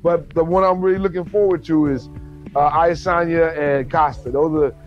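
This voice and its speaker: A man in casual chat about fights, animated and profane, often acting out quotes. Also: on the high side, normal speed, lo-fi sound, faint music behind.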